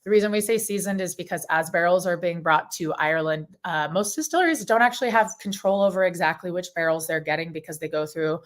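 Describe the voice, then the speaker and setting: Enthusiastic woman presenting a seminar, lowish voice. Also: fast talker, hardly any pauses. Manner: enthusiastic and chatty, with frequent ums. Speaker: whiskey brand ambassador giving a presentation.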